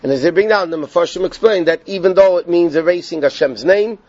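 A man's voice: sits high, quick pace, darkish tone, no room sound. A man teaching a Torah class, explaining a text step by step and checking in with his students. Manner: explanatory, repeats points and checks in with "okay?". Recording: dull, lo-fi and dry.

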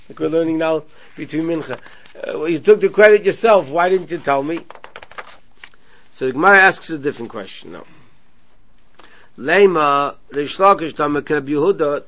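Man, Talmud teacher, high bright voice, reads and translates line by line, dull lo-fi recording. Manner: repetitive, restates each point. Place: synagogue study class.

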